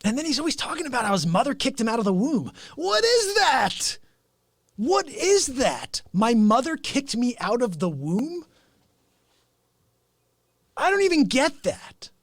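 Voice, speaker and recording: A man hosting his show with an improvised, rambling comic rant, mock-indignant and animated. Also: very high voice, normal speed, long pauses, no echo, clean studio sound. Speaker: host.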